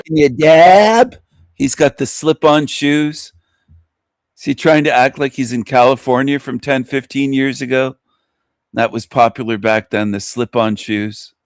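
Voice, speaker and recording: A man's voice: mid-range voice, steady tone, a little slow, no room sound. Scornful man ranting in a dry room. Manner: scornful, insulting rant. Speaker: host reacting to a video. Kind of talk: mocking live commentary.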